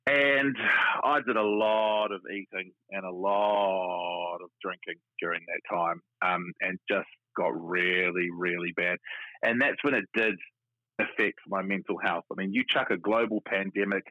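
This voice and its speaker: A man from New Zealand, appearing as an interview guest, tells his own story frankly and chattily, with many restarts. His voice is deep and fairly even, at a measured pace. The recording comes over a tinny, dry phone line with no room sound.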